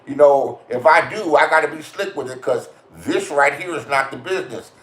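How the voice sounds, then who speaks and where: A man's voice: fairly high pitch, expressive, moderate pace, fairly bright tone. Swearing man ranting in an echoey room. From California. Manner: crude, swearing, confrontational storytelling. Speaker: vlogger. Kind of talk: profane ranting monologue. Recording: roomy echo.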